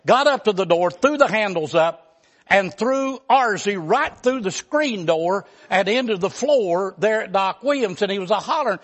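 A man's voice: high voice, lively intonation, normal speed, fairly bright tone. A man, a pastor telling a folksy mountain story in a sermon. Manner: folksy, rambling storyteller with many fillers.

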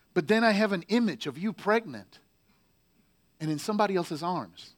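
Man voicing a Marine's letters home, slow weighty reading, fairly high voice. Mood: anguished. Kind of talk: letter read aloud in character.

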